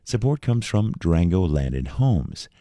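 Local radio host, male, deep and mellow, steady read, dry booth. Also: dry recording. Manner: steady, measured reading. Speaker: local public radio announcer. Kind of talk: read river report and sponsor credits.

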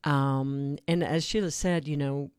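A man hosting a public radio fund drive in relaxed, conversational talk from a studio. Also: a little high, a little slow, smooth, no room sound. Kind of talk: on-air fund drive chat.

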